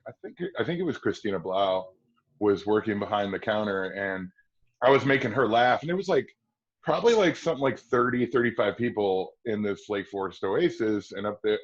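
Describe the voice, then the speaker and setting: A man in his forties with a low voice tells a rambling story as a podcast guest, jumping into other people's voices along the way. The sound is dull and lo-fi. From Kenosha, Wisconsin. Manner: lively raconteur who acts out quoted voices and laughs often. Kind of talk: anecdotal storytelling.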